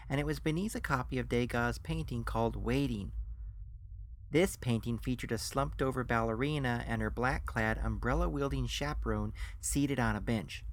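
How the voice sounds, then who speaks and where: Male narrator, mid-pitched, dry first-person storytelling for an audiobook. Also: slight background noise.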